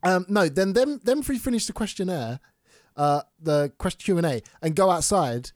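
A man's voice: normal speed, dry recording, clean studio sound. A young man, co-hosting a podcast in casual chat, teasing and telling stories with a playful edge. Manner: playful storyteller, teasing, jumps in pitch when excited. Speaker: podcast co-host.

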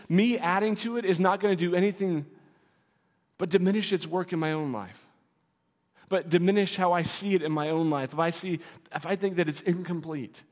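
A man's voice: high-pitched, moderate pace, long reverb tail. A man preaching a sermon as a pastor, earnest and repetitive, building to emphatic declarations.

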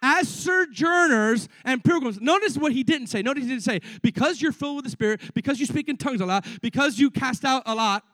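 A young man preaching a lively sermon, stuttering repeats and quick asides to the congregation. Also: very high voice, no echo. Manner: excitable, repeats words, frequent asides to the congregation. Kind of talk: energetic sermon.

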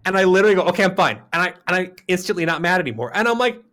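A man from Arizona co-hosting a podcast, telling a story in casual chat with a profane, heated delivery that jumps to shouting. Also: sits high, expressive, rapid-fire. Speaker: podcast co-host.

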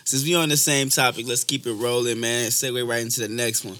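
A man hosting a casual podcast, joking and laughing, breaking into loud outbursts. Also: medium pitch, little pitch movement, a little fast. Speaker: podcast host.

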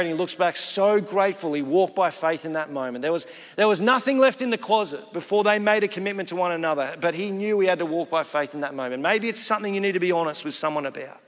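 A man's voice: fairly high pitch, in a large hall. A pastor preaching a sermon, telling stories in a conversational way and acting out the people he quotes.

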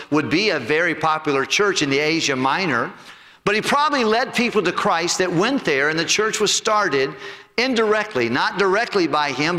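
In a church sanctuary with long hall reverb, a male pastor delivers a sermon and earnestly shares a personal story. When he quotes people, his voice drops low and soft.

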